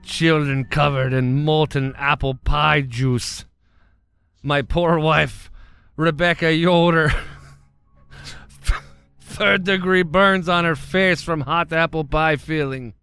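A man voicing a middle-aged Amish farmer who tells his story in a slow, low, matter-of-fact mumble. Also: fairly even intonation, vocal fry, bright, forceful tone, smooth, dry recording, faint music behind, full character voice. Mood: deadpan.

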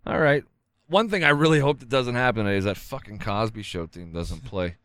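A man's voice: lowish voice, fairly quick, a bit bright, clear, resonant tone, dry recording. A young adult man co-hosting a podcast, giggling often as he reads gag cards into a close mic. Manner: giggly, laughs often between lines. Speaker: podcast co-host. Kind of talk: casual comedic chat.

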